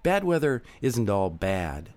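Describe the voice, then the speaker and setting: Wry male radio essayist, animated. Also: on the low side, slow pace. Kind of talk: scripted radio commentary.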